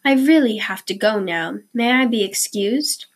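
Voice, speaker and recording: A woman reading the part of a nervous, secretive young actress who speaks softly and anxiously. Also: fairly high pitch, animated, unhurried. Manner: soft, anxious.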